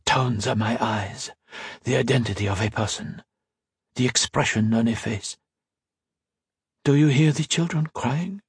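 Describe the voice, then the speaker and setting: A man reading the part of an elderly blind priest who speaks softly and slowly. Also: mid-range voice, husky, no room sound, clean studio sound. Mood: gentle. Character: elderly blind male priest, gentle, soft-spoken.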